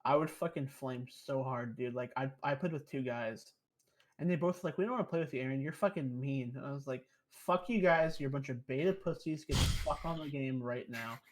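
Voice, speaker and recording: A man's voice: mid-range voice, a little fast. A young man, a podcast guest, telling rambling stories in casual, profane chat. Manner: profane, rambling, animated storyteller.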